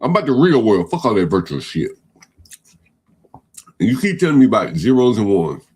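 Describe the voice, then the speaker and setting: Husky, animated confrontational male host. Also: lowish voice, brisk. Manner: badgering, repeats questions. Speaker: live show host. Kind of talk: confrontational call-in talk.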